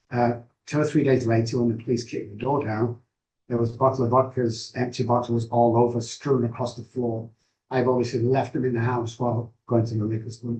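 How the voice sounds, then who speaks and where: A middle-aged man speaks as an interview guest, and his voice sits at an ordinary mid pitch. He tells his story frankly and haltingly, pausing and restarting his sentences. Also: level tone, darkish tone, low-quality recording. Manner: candid, halting, with frequent pauses and restarts. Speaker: guest, addiction recovery expert.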